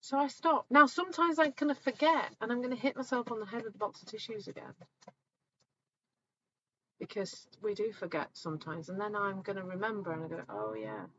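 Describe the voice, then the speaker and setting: A woman in her forties, a coach hosting a live talk, telling stories in an animated, chatty way. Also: medium pitch, a little fast, muffled recording, slight background noise. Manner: chatty, animated storytelling, acts out voices. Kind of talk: live online talk answering viewers.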